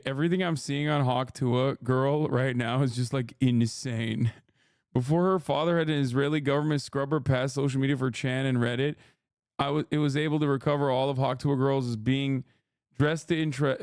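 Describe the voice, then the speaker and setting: Smooth-voiced man ranting on a stream. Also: mid-range voice, fairly even intonation, a little fast, a little mellow, dry recording, studio quality. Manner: profane, incredulous ranting with frequent laughs. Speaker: livestream commentator. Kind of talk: casual livestream commentary.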